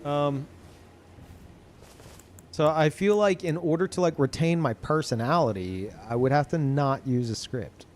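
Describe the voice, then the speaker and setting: A man's voice: a little high, measured pace, pauses often. A man livestreaming, talking casually to his chat in a rambling, swearing way that often restarts sentences. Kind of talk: casual chat to a live audience.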